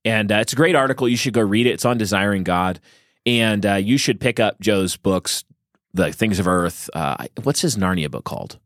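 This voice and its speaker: Man, low voice, dry close sound, enthusiastic, rambling podcast co-host. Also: normal speed, fairly bright tone, dry recording. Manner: enthusiastic, musing, restarts sentences. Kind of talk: casual discussion.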